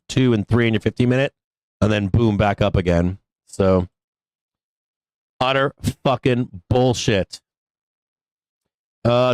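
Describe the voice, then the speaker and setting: Angry profane man, low smooth voice. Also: no echo. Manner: angry, profane, halting with many fillers. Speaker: stock trading show host. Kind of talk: live trading commentary.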